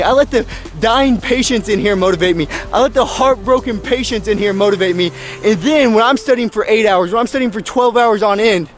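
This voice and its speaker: A young man talking in a fairly high voice, earnest and a touch preachy as he pushes his point in a self-shot vlog. Soft music plays faintly behind him. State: out of breath. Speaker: medical student vlogger. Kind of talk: motivational vlog talk.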